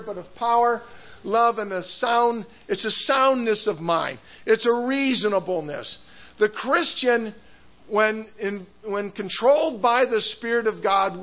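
A man's voice: high-pitched, highs cut off. A man preaching a sermon, telling a story with laughs and restarts before turning to scripture. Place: church hall.

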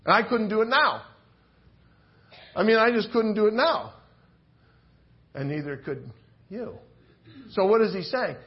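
A male preacher delivers a sermon in a high-pitched voice, talking animatedly and slipping into characters to act out the story. The church recording sounds dull and lo-fi. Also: lively intonation, measured pace, long pauses.

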